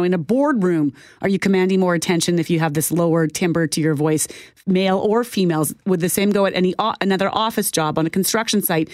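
A woman's voice: mid-range voice, no echo. A woman co-hosting a talk radio show in a studio, thoughtful and questioning as she reads listener comments and leads the discussion. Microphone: studio microphone.

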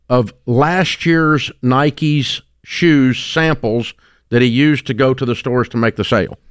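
A middle-aged man hosting a radio call-in show, talking bluntly and emphatically, often climbing to loud exclamations. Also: medium pitch, clear, resonant tone, no echo, studio quality. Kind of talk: opinionated radio talk. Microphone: studio microphone.

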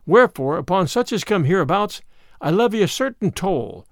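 A man's voice: high-pitched, big pitch swings, normal speed, dry recording, studio quality. A man reading as a mock-courtly outlaw chief. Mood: stern. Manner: archaic, mock-courtly speech. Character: bold courteous male outlaw leader.

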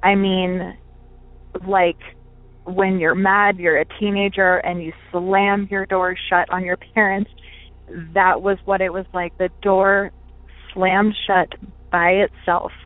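A woman's voice: medium pitch, little pitch movement, takes it slowly, no room sound. Woman telling a ghost story over the phone. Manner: chatty, many fillers and restarts. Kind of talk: recorded personal story. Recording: tinny phone-line recording.

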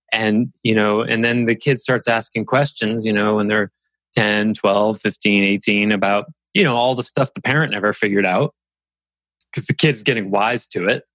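A man talking casually on a podcast, animated and acting out quoted voices as he tells stories. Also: medium pitch, dry recording, rough recording. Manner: animated storyteller, acts out quotes. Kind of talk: casual conversational podcast talk.

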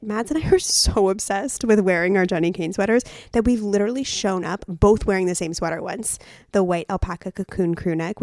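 A woman's voice: medium pitch, darkish tone, dry recording. Young female co-host, upbeat scripted ad read, dry close mic. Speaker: podcast co-host.

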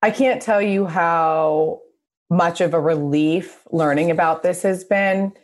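Woman, podcast host, lowish voice, animated storytelling, casual. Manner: chatty, animated storytelling, quick asides.

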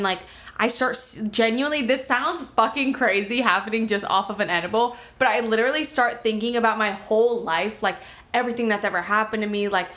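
A woman's voice: fairly high pitch, sharp tone. A young woman from Miami telling a story in casual chat, rambling, swearing freely and filling her talk with "like".

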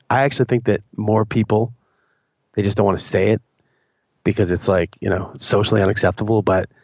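Gravelly, husky man ranting bluntly. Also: fairly low pitch, darkish tone, dry recording, lo-fi sound. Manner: blunt, swearing, rambling with restarts. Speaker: podcast co-host. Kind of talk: casual opinionated chat.

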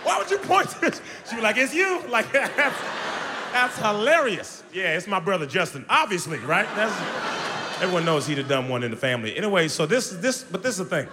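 A young man doing a loud, animated stand-up comedy set on stage, jumping into high shouts. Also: brisk, noisy background. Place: large comedy venue on stage. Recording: live show in a hall with audience.

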